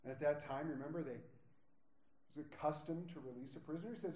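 Man, pastor, sermon, slightly high voice, acting out quotes. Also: fast, reverberant. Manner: prays softly, then preaches with rising intensity, acting out quoted lines.

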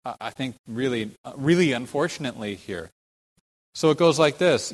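An expository sermon comes from a man with an expressive mid-range voice, recorded in low quality with a long reverb tail. He phrases things slowly and deliberately, leans emphatically on key words in sudden bursts, and asks rhetorical questions.

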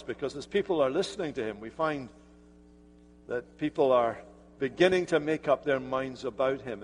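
A man's voice: a little high, slight background noise. A man preaching an earnest, emphatic sermon as pastor in a church sanctuary. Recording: church hall reverb.

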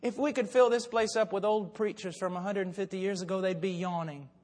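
A man's voice: high voice, steady tone, a little fast, a little mellow. An older man preaching a sermon with fervent, impassioned storytelling. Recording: long hall reverb.

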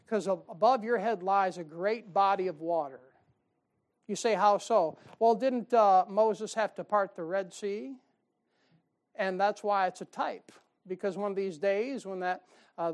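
A woman preaching a Bible-study sermon, chatting with listeners through rhetorical questions and reading scripture slowly and louder. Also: mid-range voice.

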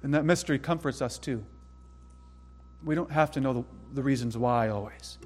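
A man preaching a sermon in an earnest way, dropping to hushed tones and rising to sudden loud emphasis. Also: mid-range voice, moderate pace, long reverb tail, soft background music. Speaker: pastor.

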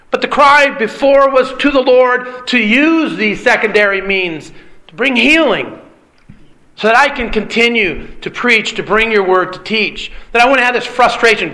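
A man preaching an earnest sermon with a hoarse, strained voice, often clearing his throat and asking rhetorical questions. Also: high voice, bright, forceful tone. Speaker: pastor. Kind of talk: expository sermon.

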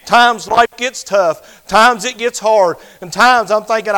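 An older man preaching a sermon, swinging between loud fervent passages and hushed, quiet ones. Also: high voice, takes it slowly, clear, resonant tone, rough recording.

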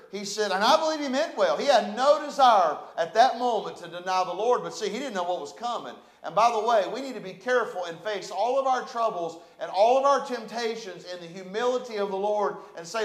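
A man's voice: high-pitched, expressive, fairly quick, few pauses, roomy sound. A man preaching a sermon as pastor, fervent and repetitive with emphatic delivery.

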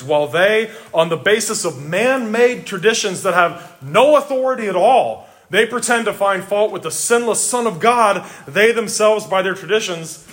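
High-voiced emphatic male preacher. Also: fairly bright tone. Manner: emphatic, repeats words for stress; addresses listeners directly. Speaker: pastor. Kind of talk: sermon.

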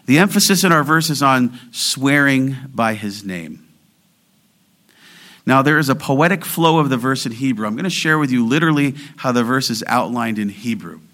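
A man preaching an expository sermon, driving home key words with emphatic rises and reading scripture slowly and deliberately. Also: medium pitch, expressive, sharp tone. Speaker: pastor.

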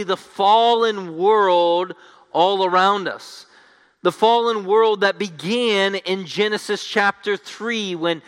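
A man's voice: sits high, fairly bright tone. A man preaching an expository sermon as pastor, emphatic, restating each point in repeated phrases. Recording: long reverb of a large hall.

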